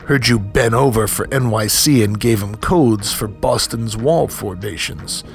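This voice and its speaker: A man voicing a hulking, menacing male gang enforcer in an audiobook, speaking low and curt. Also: unhurried, vocal fry, soft background music. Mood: suspicious.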